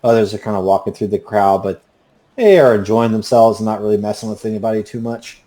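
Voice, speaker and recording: Man, game master, loose narration, low pitch. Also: fast talker. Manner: relaxed, many fillers.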